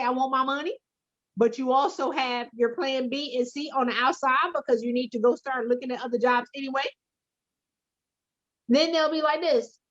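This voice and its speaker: Woman coach, talks real loud and punchy, highish voice, kinda muffled sound. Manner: loud, emphatic storyteller, slips into slang. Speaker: career coach. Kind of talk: casual chat.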